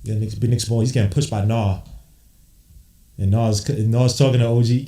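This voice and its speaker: A man calling a basketball game live, switching between low muttered play-by-play and hyped, slangy shouting. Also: fairly quick, recorded from a distance. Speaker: podcast host doing live game commentary. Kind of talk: excited watch-along play-by-play. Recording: roomy echo.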